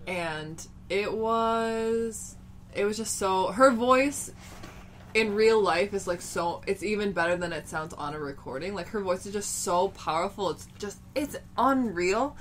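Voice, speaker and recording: A woman's voice: mid-range voice, animated, unhurried, a little hiss or hum. A young woman co-hosting a casual podcast chat, gushing and rambling with lots of fillers. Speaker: podcast co-host.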